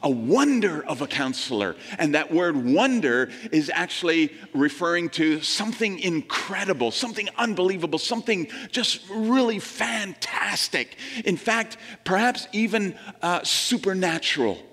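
Earnest man preaching in a reverberant hall. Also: a bit bright. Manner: earnest, slows and drops low on scripture, lifts for emphasis. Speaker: pastor. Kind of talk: sermon.

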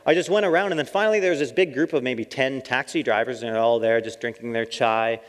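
A man giving a lively storytelling talk as a missionary, acting out his own quoted lines and laughing often. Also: mid-range voice, fast. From Canada. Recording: long hall reverb.

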